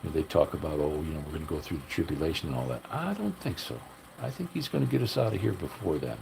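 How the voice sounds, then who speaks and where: A man's voice: extremely low pitch, lively intonation, racing, vocal fry, noisy background. An older man chatting casually on a livestream, telling loose, profane, folksy stories to viewers. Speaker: livestream host. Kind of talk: casual rambling chat to live viewers.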